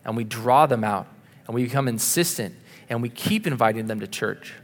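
A man preaching a sermon, earnest and insistent, moving between punchy emphasis and quiet asides. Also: medium pitch, brisk, in a large hall. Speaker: pastor.

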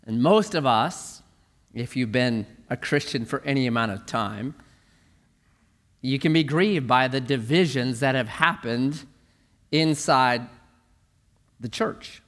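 A man's voice: mid-range voice, slow, long pauses, fairly bright tone. A man preaching a sermon in a conversational, storytelling way.

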